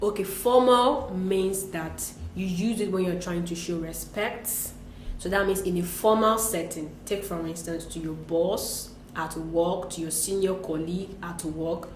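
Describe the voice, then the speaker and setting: A lower-pitched woman teaching French in a relaxed, patient way. She explains step by step and slips French phrases into her English. The room sounds echoey, with a faint hum of ambience behind her. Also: unhurried. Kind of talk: casual language lesson.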